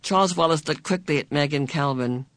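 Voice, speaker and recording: A narrator reading a novel aloud in a measured, even way. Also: medium pitch, no echo. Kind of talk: scripted audiobook narration.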